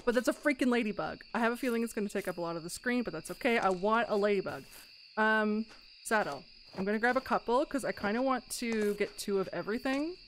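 A woman hosting a gaming let's play in casual commentary, excitable and quick to gasp and squeal at cute creatures. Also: medium pitch, a little hiss or hum.

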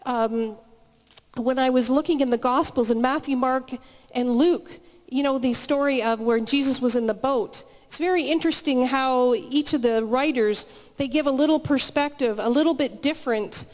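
A guest speaker at a live church meeting, this woman has a high-pitched, slightly mellow voice. Her sermon is conversational and full of chatty stories and frequent restarts, recorded in a reverberant church hall.

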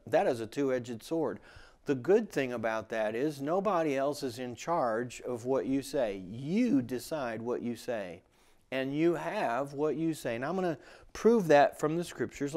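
A man teaching the Bible in a relaxed, conversational way. He often restarts phrases and grows emphatic when he quotes scripture. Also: medium pitch, measured pace. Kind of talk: sermon teaching.

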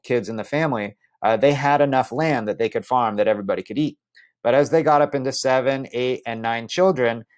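A man casually narrating travel stories over photos, chatty and rambling with many fillers. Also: medium pitch. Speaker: travel storyteller.

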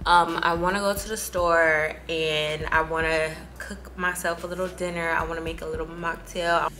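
A woman's voice: low voice, level tone, normal speed, sharp tone, slight background noise. A young woman vlogging casually to camera, candid and chatty, laughing between lines and talking about feeling emotional and tired. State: emotional, on her period, tired. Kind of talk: casual vlog chat to camera.

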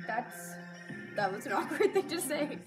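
A woman's voice: sits high, big pitch swings, a little slow. A young woman reacting to a music video, gushing and squealing with frequent laughter as the video plays behind her. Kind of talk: excited reaction vlog. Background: music video playing.

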